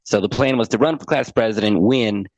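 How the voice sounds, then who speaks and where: A man's voice: fairly low pitch, a little fast, a little mellow, dry recording, muffled recording. A middle-aged man on a podcast, earnestly telling a heartfelt personal story as an anxiety coach and often repeating words as he goes.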